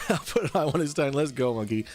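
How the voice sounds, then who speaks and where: A man's voice: medium pitch, expressive, brisk, soft background music. A man hosting a casual livestream talk show, rambling and swearing as he reads and answers chat while drinking on air.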